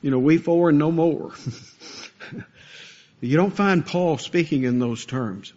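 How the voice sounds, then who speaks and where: A man's voice: on the high side, slow, long pauses, warm tone, muffled recording. A man preaching a sermon as pastor, earnest and building to impassioned pleas.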